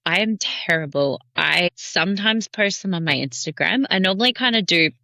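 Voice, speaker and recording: A woman co-hosting a podcast, chatting in a playful, easy way. Her lowish voice has a gravelly fry and a bright edge. The recording is dry. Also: animated, moderate pace, dry recording. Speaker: podcast co-host, bookstagrammer. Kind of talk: casual chat.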